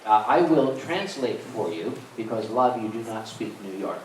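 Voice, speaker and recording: A Southern man spins a comic tale for a panel crowd, his pitch swinging up and down as he goes. He sounds distant from the mic, caught in a roomy, echoing hall with a faint hiss under him. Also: normal speed. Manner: animated, comic storyteller. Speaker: convention staff panelist. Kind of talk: storytelling to a live panel audience. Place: convention panel room.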